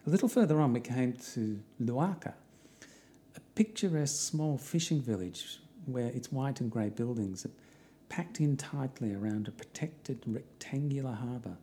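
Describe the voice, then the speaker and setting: A man's voice: mid-range voice, warm tone. A middle-aged Australian man narrating a walking trip diary in an easygoing, wry way.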